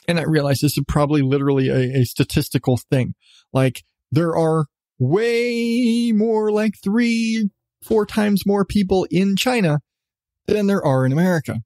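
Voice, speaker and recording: A man's voice: on the high side, a little mellow, no room sound. A man hosting his own podcast, ranting casually with plenty of swearing and sarcastic asides, laughing at himself. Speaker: podcast host. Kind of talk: casual solo podcast rant.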